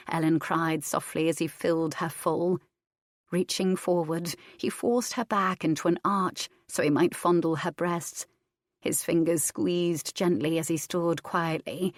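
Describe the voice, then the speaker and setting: Low-voiced woman reading a novel. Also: no echo, studio quality. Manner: steady, even reading. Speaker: audiobook narrator. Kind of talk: scripted narration.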